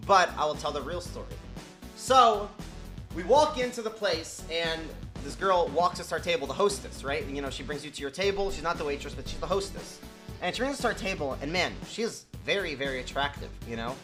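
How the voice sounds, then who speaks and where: A man's voice: high-pitched, pushed and bright. A young man telling a casual story to his stream, full of slang and swearing, acting out the people in it. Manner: fast slangy storytelling, quotes people in their voices; swearing, repeats "you know what I'm saying".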